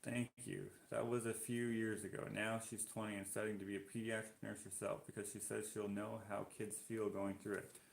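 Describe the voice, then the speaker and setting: A man's voice: lowish voice, level tone, normal speed, creaky, hardly any pauses. A Canadian man hosting a live stream, chatting casually as he reads out viewer comments and reacts to them. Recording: roomy echo.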